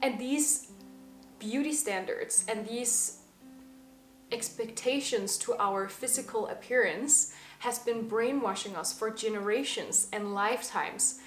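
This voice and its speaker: A young woman in her twenties talking to camera in an earnest, emphatic personal monologue. She slows down to stress the words that matter most. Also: fairly high pitch. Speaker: vlogger. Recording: slightly echoey room with faint music.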